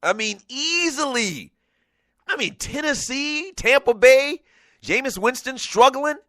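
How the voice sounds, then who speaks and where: A man from Lowcountry South Carolina hosting a radio show, rambling through a chatty, laugh-filled monologue. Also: lively intonation, takes it slowly, bright, forceful tone, no echo, clean studio sound. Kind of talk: casual talk radio monologue.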